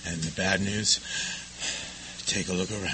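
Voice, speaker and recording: A man sharing his own story of recovery with a live audience, confessional and self-mocking, swinging between hushed, quiet passages and loud laughing ones. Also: sits low, steady tone, a little slow, crowd noise, poor audio.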